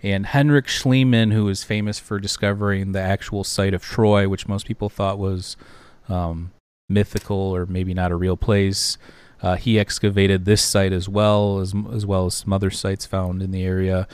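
A man co-hosting a podcast, talking through slides in a loose, rambling way with lots of fillers and pauses. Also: low voice, little pitch movement, a little mellow, clear, resonant tone, no room sound. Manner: rambling, hesitant, many fillers. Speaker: podcast co-host. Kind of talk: casual podcast discussion.

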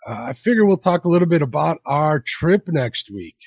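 A man's voice: on the high side, very animated, moderate pace, dry recording, clean studio sound. A man hosting a casual podcast livestream, who stumbles over his words and restarts while reading out viewer comments. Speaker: podcast host.

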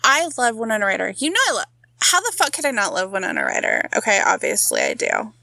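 A woman's voice: medium pitch, huge pitch swings, quick pace, gravelly, pushed and bright, no echo. A woman co-hosting a podcast in casual film chat, playful, giggling and swearing freely. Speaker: podcast co-host.

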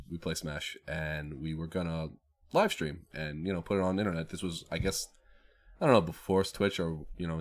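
Man, low voice, young adult, podcast guest, loud animated storyteller. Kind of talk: casual chat.

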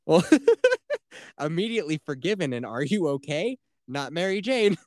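A man's voice: on the high side, huge pitch swings, unhurried, darkish tone, dry recording, clean studio sound. A man casually retelling a video game's plot on a podcast, profane and mocking. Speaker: podcast host. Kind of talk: casual game review chat.

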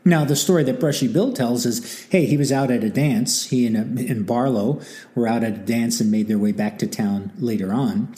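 A medium-pitched man at a moderate pace hosts a history talk, keeping it casual and wry with lots of asides and quotes he acts out animatedly.

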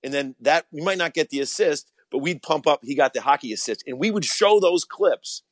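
A man's voice: fairly high pitch, animated, brisk, no echo. A man, a college basketball coach, answering interview questions earnestly, often repeating words as he starts.

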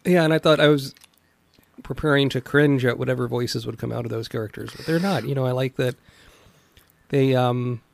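A man co-hosting a podcast talks in a relaxed, thoughtful way, often pausing with fillers. His voice has a gravelly fry. The sound is dry, with no room echo. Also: mid-range voice. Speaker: podcast co-host. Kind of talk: casual chat about a cartoon series.

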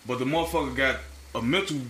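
A man with a bright, forceful voice tells stories in a casual, profane way and acts out what people said. The room is echoey, and faint noise sits under his voice. He sounds like a podcast co-host chatting with friends. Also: medium pitch, fast talker. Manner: animated, profane storytelling with acted-out quotes. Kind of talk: casual storytelling chat. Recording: roomy echo, faint background noise.

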